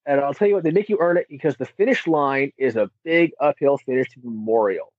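A man chatting casually about running marathons, telling stories with lively energy and acting out the voices of people he met. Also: medium pitch, fast, no room sound. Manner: animated storyteller, acts out quoted voices. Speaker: marathon runner guest. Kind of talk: casual chat. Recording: tinny phone-like line.

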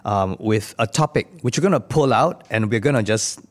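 A man in his fifties with a Singaporean accent, telling stories in a playful, animated way in a casual chat. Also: lowish voice, normal speed. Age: 50s. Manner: animated, playful storytelling with laughter. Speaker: comedian co-host.

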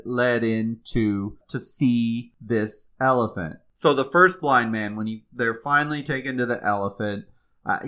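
A man telling a folk tale and drawing out its moral in a relaxed, conversational way. He stumbles and restarts now and then and slows down for emphasis. His voice is bright, with a mid pitch. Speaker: storyteller. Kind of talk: casual storytelling with a moral.

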